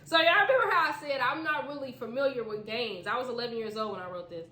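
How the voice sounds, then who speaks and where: A woman podcast host reading her own story aloud, breaking off with animated, slangy asides. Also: fairly high pitch, fast, slight background noise. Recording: echoey room.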